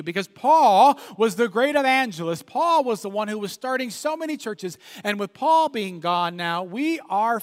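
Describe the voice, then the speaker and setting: A male pastor preaching a sermon, telling a story in an animated way and often checking in with "right?". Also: high-pitched, moderate pace, hardly any pauses, big-room sound.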